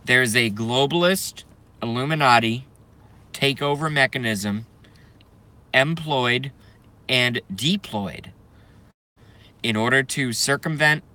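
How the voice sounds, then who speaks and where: Sharp-voiced man in a heated rant. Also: medium pitch, slow, long pauses. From United States. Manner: profane, heated, bursts of shouting. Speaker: vlogger. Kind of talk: angry political rant.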